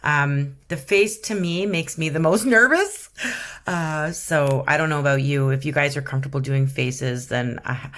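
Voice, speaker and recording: Canadian woman, low voice, chatty and giggly, self-deprecating tutorial narration. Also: normal speed, a bit bright. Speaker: rock painting vlogger. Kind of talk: casual painting tutorial voice-over.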